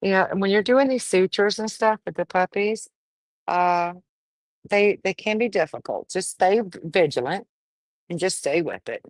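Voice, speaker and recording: A woman's voice: mid-range voice, expressive, moderate pace, no room sound. A woman breeding dogs, casually livestreaming while she firmly coaxes a wriggling puppy, talking in a folksy way. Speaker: dog breeder.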